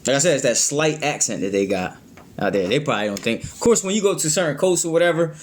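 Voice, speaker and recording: A man's voice: fairly high pitch, lively intonation, fast, slight background noise. A man hosting a music reaction video, talking casually and rambling. He often stumbles over his words and keeps adding "you know what I mean".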